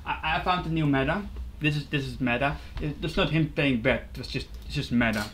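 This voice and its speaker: A man giving casual live commentary over his own gameplay, excitable and quick to swear and laugh at his plays. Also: on the high side, a little hiss or hum. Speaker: gaming YouTuber.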